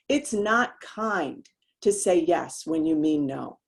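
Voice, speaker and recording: A woman's voice: lowish voice, lively intonation, a little slow, darkish tone. A woman host coaching women in a motivational talk, speaking emphatically and directly with casual slang.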